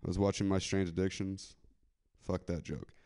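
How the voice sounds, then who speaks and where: A low-voiced man doing stand-up live on a comedy club stage. He rambles and swears, then laughs at his own bits. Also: flat delivery, normal speed, a little mellow.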